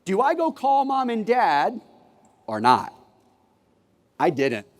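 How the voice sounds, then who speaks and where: A man giving a conference keynote, telling a classroom story in an animated way and acting out the dialogue himself. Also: high voice, slow. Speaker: keynote speaker, former teacher. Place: large conference hall. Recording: long hall reverb.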